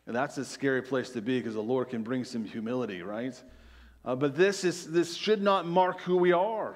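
Man preaching, quiet soft emphasis. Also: a little high, expressive, moderate pace. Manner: conversational preaching with frequent "right?" asides; drops to quiet, soft emphasis on key phrases. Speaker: pastor. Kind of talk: sermon.

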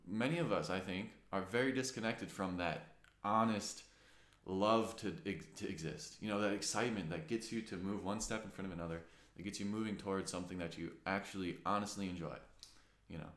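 A vlogger in his twenties, his voice sitting low with a fairly bright tone and brisk delivery, tells a personal story. He's earnest and reflective, meandering with plenty of fillers and casual swearing, and the room echoes.

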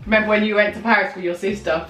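A woman's voice: mid-range voice, fairly even intonation, very fast, fairly bright tone, a little hiss or hum. A woman co-hosting a family vlog, chatting casually and teasingly telling family stories at a mukbang Q&A. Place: home room decorated for Christmas. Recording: roomy, mic at a distance.

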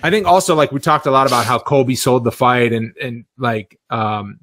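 Give me a relaxed sports commentator talking casually on a podcast, mid-pitched and dry. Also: male voice, moderate pace, no echo. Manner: relaxed, uses lots of fillers.

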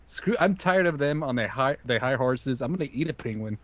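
A man co-hosting a casual chat, goofy and deadpan. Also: medium pitch, brisk. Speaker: co-host.

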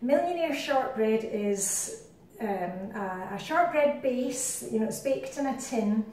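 A woman's voice: fairly high pitch, expressive, takes it slowly, a little mellow, a little hiss or hum. A middle-aged woman with a Scottish accent, chatting her way through a home cooking demonstration with rambling asides. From Scotland. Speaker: cooking vlogger. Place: home kitchen. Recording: very echoey kitchen, distant mic.

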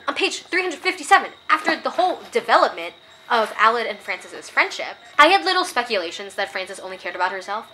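A woman's voice: medium pitch, sharp tone, a little hiss or hum. A young woman giving a casual book review, passionate and opinionated, getting worked up and reading quoted passages aloud.

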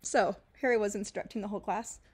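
Animated, self-mocking woman quilting instructor. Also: mid-range voice, fast talker, slight background noise. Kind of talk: casual live-stream chat.

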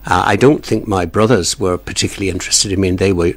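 A man's voice: deep voice, fairly even intonation, fast talker, breathy edge. An older man, a retired broadcaster, chatting through stories from his early life in an interview, with small chuckles and repeated words. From born in England, raised in Ireland. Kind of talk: relaxed anecdotal interview talk.

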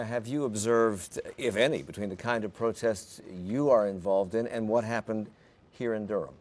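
A man steers a televised panel in a lowish voice. He reads out viewer comments and turns them into pointed questions for his guests, keeping a conversational tone throughout. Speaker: moderator. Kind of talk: TV panel moderation.

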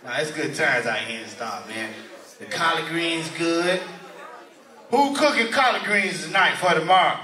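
A male stand-up comedian doing loud, profane crowd work in a church hall venue. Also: a little high, animated, normal speed. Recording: echoey hall, mic from far.

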